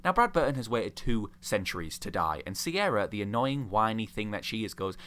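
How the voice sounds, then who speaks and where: Sarcastic young man, lively low voice. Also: brisk, few pauses. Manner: sarcastic ranting with mocking put-on quotes. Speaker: video host. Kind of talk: commentary on a video game.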